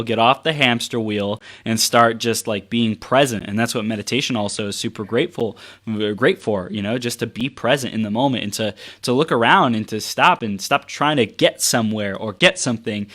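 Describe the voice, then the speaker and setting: A man's voice: lowish voice, brisk, few pauses, a bit bright. A man hosting a podcast interview, asking questions and affirming his guest with short replies. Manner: supportive listener, frequent short affirmations. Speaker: podcast host. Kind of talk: interviewing, casual chat.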